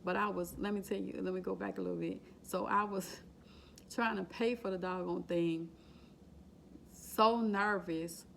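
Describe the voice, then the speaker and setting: A woman vlogger tells her emotional, faith-filled exam story in a medium-pitched, fairly bright voice that is steady, unhurried and marked by vocal fry. She repeats herself casually and exclaims and laughs while retelling it, with a little hiss or hum in the recording.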